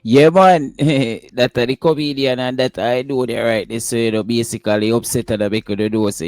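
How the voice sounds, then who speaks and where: A man's voice: medium pitch, moderate pace, hardly any pauses, a little mellow, no echo. A Jamaican man hosting a casual commentary show, chatty and laughing between clips. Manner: laughing, chatty, patois asides. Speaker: host.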